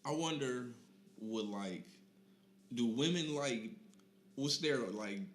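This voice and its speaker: A young man co-hosting a podcast, chatting casually with quick joking replies and frequent agreement. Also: mid-range voice, animated. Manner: quick responses, joking, affirming. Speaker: podcast co-host. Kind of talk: casual chat. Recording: roomy with faint hiss.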